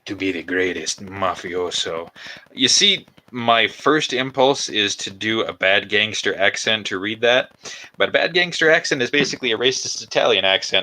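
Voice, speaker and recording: A man with a low voice rambles through a casual livestream as he crafts, working with his hands between thoughts. His tone is bright and forceful, and he talks in a loose way full of fillers. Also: normal speed, low-quality recording. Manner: rambling and chatty, with frequent fillers. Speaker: cosplay maker streaming his build.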